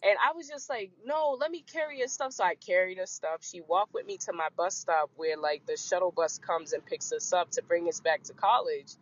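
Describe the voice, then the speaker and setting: A woman hosting a podcast, telling a personal story in a frank, animated way and acting out the people in it. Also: fairly low pitch, normal speed, hardly any pauses. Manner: animated, acts out quoted voices, frank. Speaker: podcast host. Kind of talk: casual storytelling chat. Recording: muffled lo-fi recording.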